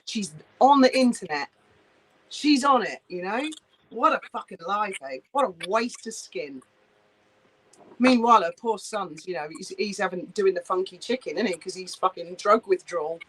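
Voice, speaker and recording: A woman's voice: medium pitch, expressive, moderate pace, fairly bright tone, slight background noise, poor audio. A woman in casual chat who talks bluntly, swears freely and mocks people. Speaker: co-host.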